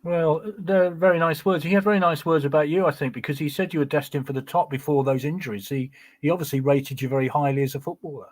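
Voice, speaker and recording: A man interviewing a guest, with a slightly high voice. He asks polite, gently probing questions in an easy conversational tone. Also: fast talker, hardly any pauses. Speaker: interviewer host.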